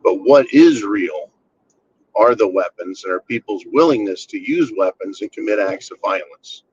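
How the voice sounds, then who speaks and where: A man's voice: on the low side, lively intonation, moderate pace, slight background noise. A man from the United States hosting a blunt, profane and sarcastic commentary rant. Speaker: channel host. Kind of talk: ranting commentary monologue. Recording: slightly dull lo-fi sound.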